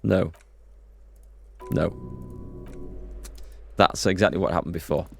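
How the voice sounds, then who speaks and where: A man's voice: sits low, vocal fry, slightly rough. A man hosting a let's play, chatting and musing aloud as he plays. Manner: chatty, musing, quick to exclaim. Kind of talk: gameplay commentary and reading.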